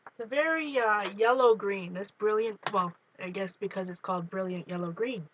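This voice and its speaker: A woman's voice: mid-range voice, normal speed, fairly bright tone, muffled recording, slight background noise. A woman hosting a live art journaling stream, chatting casually and greeting viewers by name while she works. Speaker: art journaling livestream host.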